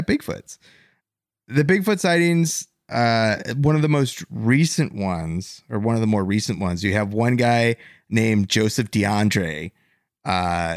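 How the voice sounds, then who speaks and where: Low-voiced man telling a paranormal story. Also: dry recording, studio quality. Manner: rambling with fillers and restarts. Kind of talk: casual storytelling chat.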